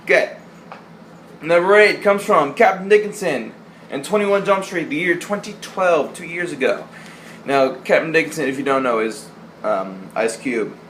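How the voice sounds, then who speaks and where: Speaking at a moderate pace with a high-leaning, fairly bright voice, this young vlogger runs through a countdown of movie lines he loves. He's profane and jokey, slipping into silly voices for each quote, and there's slight hiss or hum in the background.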